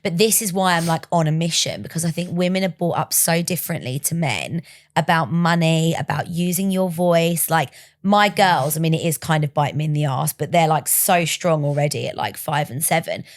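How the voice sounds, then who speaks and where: A woman's voice: low voice, a little fast. A woman chatting frankly as a podcast guest and business mentor, with casual swearing. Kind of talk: casual chat.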